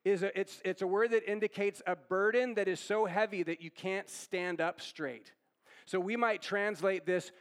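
High-voiced man preaching conversationally. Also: steady tone, normal speed, clear, resonant tone. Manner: asks the audience questions and repeats their answers; conversational, often tags lines with "right?". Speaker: pastor. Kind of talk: interactive sermon.

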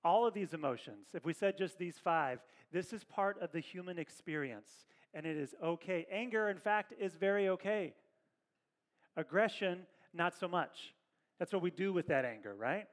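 A pastor preaching a sermon in a conversational, animated way, with asides to the congregation in a church. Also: male voice, high voice, moderate pace.

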